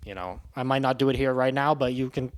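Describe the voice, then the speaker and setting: Man doing an offhand, foul-mouthed spoken movie review, rambling, mid-pitched. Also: fast. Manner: rambling, profane, loose and offhand.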